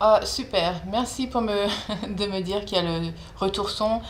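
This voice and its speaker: A woman with a French accent, hosting a live stream and chatting casually with viewers in a gentle way. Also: mid-range voice, moderate pace, slight background noise. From France. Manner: gentle, checking in with viewers, switching languages. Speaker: host of a live meditation stream.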